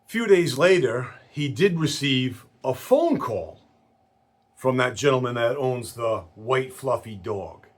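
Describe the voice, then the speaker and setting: Husky, slow-talking storyteller man. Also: mid-range voice. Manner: animated storyteller who acts out quoted voices. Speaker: insurance agent telling a story. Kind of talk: casual storytelling.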